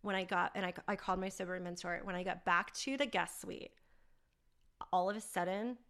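A woman's voice: on the low side, steady tone, brisk, fairly bright tone. A woman hosting a podcast, telling a personal story candidly and with animation. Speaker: podcast host.

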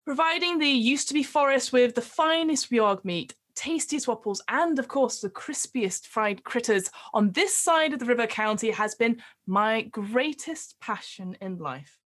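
A woman voicing a bearded old tavern keeper who gives a slow, florid speech. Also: on the high side, expressive, fairly bright tone. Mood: theatrical.

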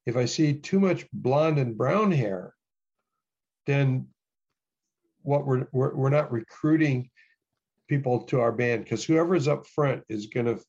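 Brief: American male pastor, mid-pitched, earnest, self-repeating, muffled lo-fi sound. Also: lively intonation, a little slow, pauses often, darkish tone, slightly rough. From United States. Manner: earnest, repeats words while thinking. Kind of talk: casual interview storytelling.

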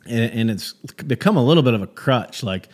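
Animated man telling stage stories. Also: mid-range voice, normal speed. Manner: animated storyteller, many restarts. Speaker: stand-up comedian, guest. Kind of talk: casual conversation.

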